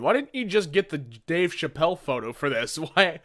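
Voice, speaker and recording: Young man, meme commentary, lively up-and-down pitch, slightly high voice, faint music behind. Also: normal speed, few pauses. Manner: animated, jumps into silly voices for jokes. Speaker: comedy YouTuber reading memes.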